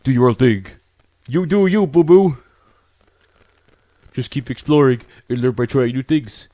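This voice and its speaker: A man's voice: mid-range voice, a little fast, a little mellow, dry recording, highs cut off, natural voice. A man voicing a confident, friendly teenage girl who leads a club, talking in an encouraging, chatty way.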